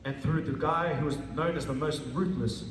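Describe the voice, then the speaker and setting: A man preaching and telling a story in earnest, often repeating and restarting his phrases, his voice a bit higher than usual. He is heard from a distance in a large hall. The sound echoes with a long reverb tail, and faint room noise sits underneath. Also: steady tone. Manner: earnest, repetitive, halting restarts. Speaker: pastor. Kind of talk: sermon with storytelling.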